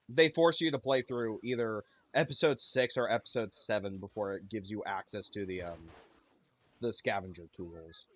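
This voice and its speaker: A man's voice: on the low side, pushed and bright, highs cut off. A man casually chatting while streaming a video game, rambling and losing his train of thought. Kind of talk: casual gameplay chat.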